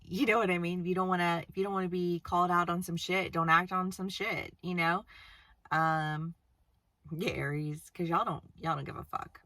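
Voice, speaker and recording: Low-voiced woman giving a blunt tarot reading. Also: steady tone, normal speed, bright, forceful tone, no room sound. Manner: blunt and chatty, swears freely, laughs often. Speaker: tarot reader. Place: outdoors-ish on a windy day.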